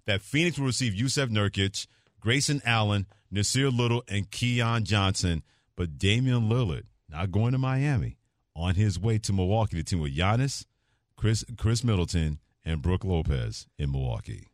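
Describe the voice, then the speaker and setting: A man's voice: lowish voice, normal speed, no echo. A man co-hosting a sports radio show in a studio, telling news with playful, laughing energy. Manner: animated, laughing, playful storytelling. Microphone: studio microphone.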